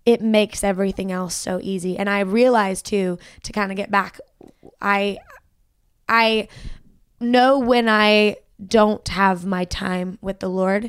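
A woman's voice: medium pitch, fairly even intonation, takes it slowly, smooth, dry recording, clean studio sound. A young woman, a podcast guest and country singer, talking earnestly about her faith and saying "like" a lot. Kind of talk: casual faith conversation.

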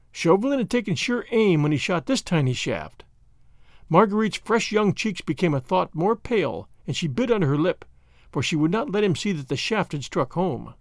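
A man narrating a classic novel in an expressive, lilting storytelling voice. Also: sits high, normal speed, no echo, clean studio sound. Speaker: audiobook narrator.

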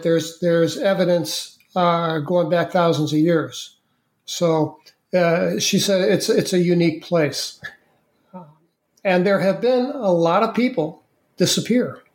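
A man appearing as a podcast guest, recounting a story in an unhurried, vivid way with frequent restarts. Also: high-pitched. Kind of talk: conversational storytelling. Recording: roomy, echoey sound.

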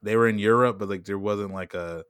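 A man's voice: on the low side, steady tone, a bit bright, smooth, dry recording. A man talking in casual podcast chat, rambling with lots of fillers and laughing often. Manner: rambling, heavy "like" and "you know what I'm saying"; laughs often and puts on quick voices when quoting people.

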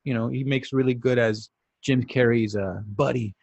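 A man's voice: mid-range voice, steady tone, normal speed, vocal fry, a little mellow, breathy edge, no room sound. A middle-aged man chatting casually as a podcast co-host, telling stories animatedly, putting on voices and swearing casually. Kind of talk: casual chat.

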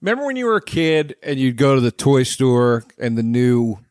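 A man's voice: medium pitch, very animated, moderate pace, a little mellow, no echo, clean studio sound. A man co-hosting a podcast who talks about movies in a rambling, blunt and sarcastic way. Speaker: podcast co-host. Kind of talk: casual chat about movies.

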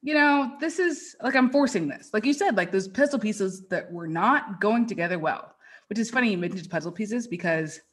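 A woman's voice: medium pitch, lively intonation, normal speed. A woman guest on a podcast, talking earnestly and casually about her faith and purpose, with a lot of "like" fillers. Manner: earnest and faith-driven, peppered with "like". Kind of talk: casual interview chat.

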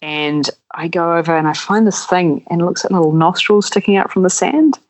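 A man, a podcast guest telling animated stories and acting out voices in them. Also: fairly high pitch, brisk, rough recording. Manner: animated, acts out voices in anecdotes. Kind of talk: casual storytelling.

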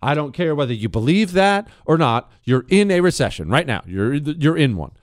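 Sarcastic, lively male talk show host. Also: on the high side, normal speed, dry recording, studio quality. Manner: animated, sarcastic storytelling. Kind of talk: talk radio monologue.

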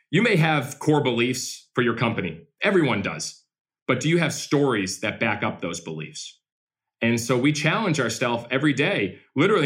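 A man who owns a baseball team, answering interview questions as an energetic, animated storyteller. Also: medium pitch.

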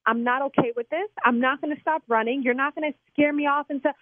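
A woman arguing fast and defensively on a phone call, indignant as she is pranked. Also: high voice, fairly even intonation, no room sound. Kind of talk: heated phone argument. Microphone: telephone. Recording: tinny phone line.

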